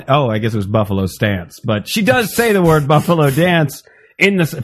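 Podcast co-host, male, 30s, rambling and profane, lively intonation. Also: fairly high pitch, a little fast, husky. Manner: rambling, swears, laughs a lot. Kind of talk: casual banter.

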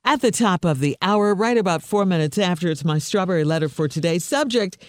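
Playful male radio host, lively pitch. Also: fairly quick, no room sound, studio quality. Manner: playful, laughing, chatty. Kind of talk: casual radio banter.

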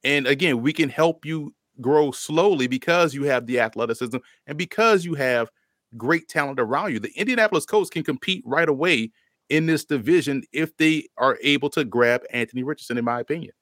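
A man's voice: on the high side, a little fast, fairly bright tone, dry recording, studio quality. A man, a guest analyst, explaining his picks with confident, point-by-point reasoning. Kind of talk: casual sports analysis.

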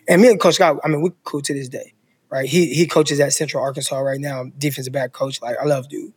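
A man's voice: a little high, brisk, breathy edge, big-room sound. A man in his thirties from California, telling his own football story in casual podcast talk and acting out the people in it. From Stockton, California. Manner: animated storyteller who acts out coaches' voices. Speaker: podcast guest, former football player.

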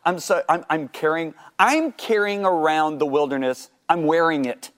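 A man telling a personal faith story as an interview guest, acting out his dialogue with God and repeating words when excited. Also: on the high side, moderate pace. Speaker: guest sharing his testimony.

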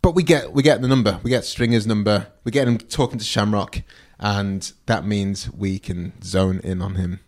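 A man's voice: fairly low pitch, steady tone, moderate pace, hardly any pauses, a little mellow. Jokey man in his forties. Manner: chatty, laughs easily, jokey. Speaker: podcast co-host. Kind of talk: casual chat.

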